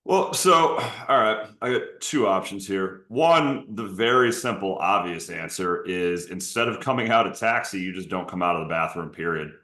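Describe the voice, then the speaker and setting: A low-voiced man spins goofy bits on a comedy sports podcast, now and then jumping into squeaky put-on voices. His voice bounces around a roomy space. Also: moderate pace, few pauses, pushed and bright. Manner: playful, jumps into silly high-pitched bits. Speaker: podcast co-host.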